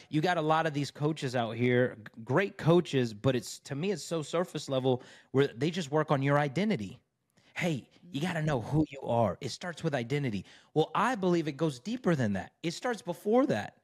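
A man's voice: fairly high pitch, lively intonation, normal speed. A man on a podcast as a divorce recovery coach, telling his own story in an emphatic, faith-driven way and often checking in with "right?". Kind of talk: conversational storytelling.

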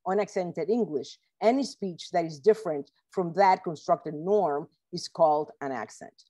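A woman professor giving an academic book talk read from a script, measured, with occasional self-corrections, over a video call. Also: fairly low pitch, mellow.

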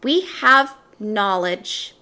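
A woman reading a storybook aloud, voicing a schoolboy who keeps getting in trouble and mostly speaks in a hush. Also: mid-range voice, lively intonation, extremely slow, full character voice. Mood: bright. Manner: hushed, careful. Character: boy schoolkid always in trouble.

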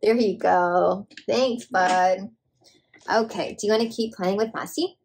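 A woman's voice: mid-range voice, steady tone, unhurried, vocal fry, a little mellow, a little hiss or hum. A woman hosting a toddler show, asking the viewer simple questions and making animal sounds. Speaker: children's show host. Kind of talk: slow sing-song talk to toddlers.

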